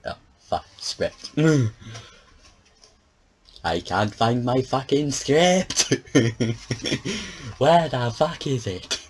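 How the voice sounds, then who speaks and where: Man, home voice recording bloopers, swears and laughs, lively swinging pitch, slow, accent drifts British to American. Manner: swears often and breaks into laughs. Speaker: voice actor recording lines. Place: a house with his dog.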